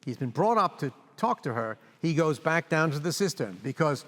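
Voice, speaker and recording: A man's voice: fairly high pitch, normal speed, hardly any pauses. An older man conducting a master class, coaching a brass player and singing phrases aloud to show how they go. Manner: animated, sings phrases aloud. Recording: reverberant hall.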